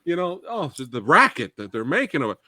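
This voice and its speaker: A man's voice: fairly high pitch, big pitch swings, fast talker, pushed and bright, dry recording, studio quality, voice pushed up, full character voice. A man voicing a pompous man who whines about the noise of a nearby battle. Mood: whiny. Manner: whiny, put-upon, fussy.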